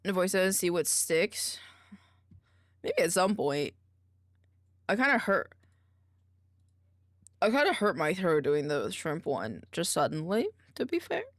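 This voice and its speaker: A woman's voice: fairly low pitch, big pitch swings, takes it slowly, long pauses, no echo, studio quality. A woman streamer chatting casually and mumbling to herself while she edits videos.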